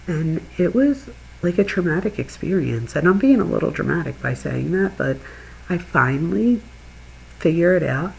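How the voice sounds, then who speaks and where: A middle-aged woman and channel host, chatting casually with viewers and telling an animated story, laughing as she goes. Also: fairly low pitch, a little hiss or hum, rough recording. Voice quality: gravelly, husky. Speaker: true crime channel host.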